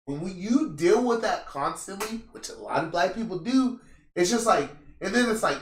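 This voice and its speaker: A man's voice: sits high, normal speed. A young man hosting a casual chat, telling stories with lots of profanity and acting out the people in them. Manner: animated, profane, acts out quoted people. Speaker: podcast host. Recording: roomy echo, distant mic.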